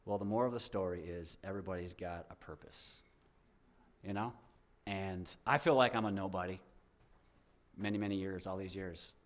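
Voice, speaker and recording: A young man stands before a congregation and shares a personal testimony in a loose, rambling way, often circling back and restarting his sentences. His voice sits a little low, and his delivery is heartfelt rather than polished. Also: moderate pace. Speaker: guest speaker at a church.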